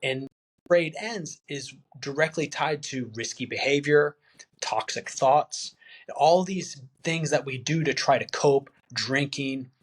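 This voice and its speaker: Veteran guy on a podcast, kinda husky, talks straight and earnest. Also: medium pitch, takes it slowly. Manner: earnest, plain-spoken, acts out quoted friends. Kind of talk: candid interview conversation.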